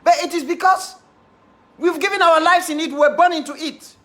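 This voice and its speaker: A man's voice: extremely high pitch, steady tone, normal speed, pushed and bright. A man with a Cameroonian English accent giving a defiant, impassioned monologue to his followers, repeating key phrases for emphasis. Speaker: activist leader addressing followers.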